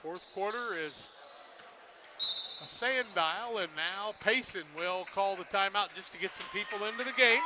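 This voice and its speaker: High-voiced man calling basketball. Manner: brisk play-by-play, jumps loud on made shots. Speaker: play-by-play announcer. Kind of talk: local radio sports commentary. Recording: noisy gym broadcast. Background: gym ambience, basketball bouncing.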